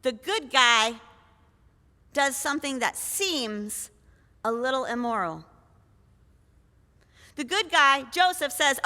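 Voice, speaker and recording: A woman's voice: sits high, animated, slow, long pauses, sharp tone, big-room sound. A woman preacher retelling a scripture story in a conversational sermon, full of rhetorical questions. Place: church.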